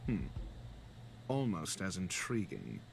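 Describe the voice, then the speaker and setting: A man's voice: low voice, huge pitch swings, slow pace, gravelly, slight background noise, heavily acted. A man voicing a smug, arrogant genius scientist in a video game, talking down with sarcastic condescension. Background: game music.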